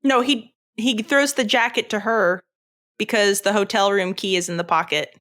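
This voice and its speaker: A woman's voice: medium pitch, moderate pace, a bit bright. A woman podcast co-host in casual chat, laughing often and adding short remarks. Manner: laughs often, brief agreeing replies.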